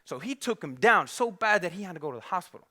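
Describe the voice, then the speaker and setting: Animated, bright-voiced male preacher. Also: high voice, quick pace. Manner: animated, conversational, acts out characters. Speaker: pastor. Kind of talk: storytelling sermon. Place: church.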